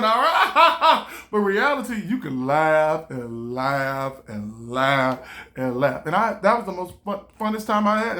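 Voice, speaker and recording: A man's voice: high-pitched, sharp tone. A man, a stand-up comedian, talking casually and animatedly to camera, often laughing and switching into voices for the people he quotes. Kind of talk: casual motivational monologue.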